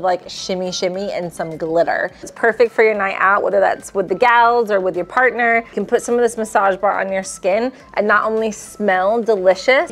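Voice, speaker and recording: A woman presenting gift products, bubbly and gushing over how cute and delicious everything is. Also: mid-range voice. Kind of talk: enthusiastic product showcase.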